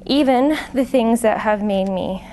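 A fairly high-pitched woman with a dark tone speaks a little slowly, and a little hiss or hum is audible. She's a late-twenties lay speaker giving an earnest, conversational testimony teaching to a live church audience, with plenty of fillers and restarts, using a handheld or stand microphone.

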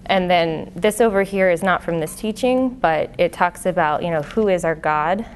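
A lowish-voiced woman in her late twenties talks at normal speed, giving a testimony teaching as a lay speaker to a live church audience. It's earnest and conversational with lots of fillers and restarts, recorded through a handheld or stand microphone amid slight background noise.

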